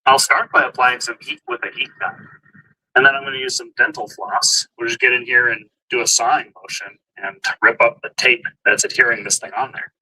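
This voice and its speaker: A man's voice: medium pitch, level tone, a little fast, bright, forceful tone, low-quality recording. A man walking viewers through a do-it-yourself car job in casual, step-by-step how-to narration. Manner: step-by-step explaining, plain and upbeat. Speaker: DIY car vlogger.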